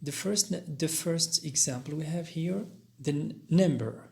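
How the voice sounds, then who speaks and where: Slow, deliberate male English teacher. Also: a little high, gravelly, darkish tone. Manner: slow, deliberate explaining with spelled-out letters; careful pauses and fillers. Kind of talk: recorded grammar lesson.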